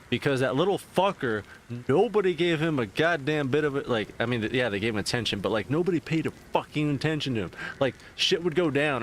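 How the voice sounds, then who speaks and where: A man streaming and chatting casually, ranting in a profane, rambling and animated way. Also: medium pitch, a little hiss or hum. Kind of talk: casual chat.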